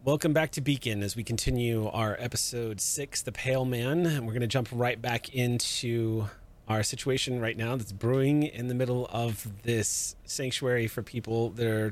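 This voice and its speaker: A man narrating and running a tabletop game as game master, in calm, measured scene narration. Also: mid-range voice.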